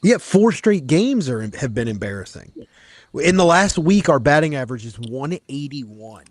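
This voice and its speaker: A man's voice: fairly high pitch, very animated, normal speed, no room sound. A man hosting a casual sports podcast chat in an easygoing way, steering it with questions to his co-hosts. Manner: easygoing, leads the talk with questions.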